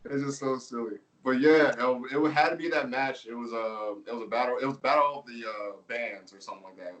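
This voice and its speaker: A man in a casual interview, talking about his matches in a loose, rambling way, laughing often. He sits a little back from the microphone, so the voice carries some distance. His pitch is mid-range. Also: brisk, fairly bright tone. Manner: laid-back storytelling, laughs often, filler words. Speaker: pro wrestler guest.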